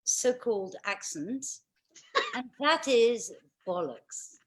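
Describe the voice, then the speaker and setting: Older british woman, stand-up comic, slightly high voice, slow and unhurried, dry bawdy storytelling. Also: animated. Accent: British English. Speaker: stand-up comedian. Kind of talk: stand-up comedy over a video call.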